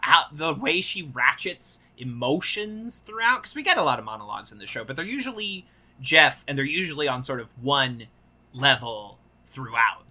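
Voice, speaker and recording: A podcast co-host with a bright, forceful voice gushes in casual chat. The talk is loose and full of enthusiasm, with swearing throughout. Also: medium pitch, big pitch swings, normal speed.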